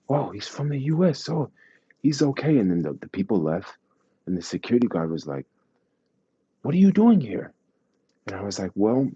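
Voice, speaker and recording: A man casually telling his travel stories to a live chat, slangy and animated, acting out the people he quotes. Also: deep voice, husky, no echo, dull audio. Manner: animated, acts out quoted voices, laughs, slangy.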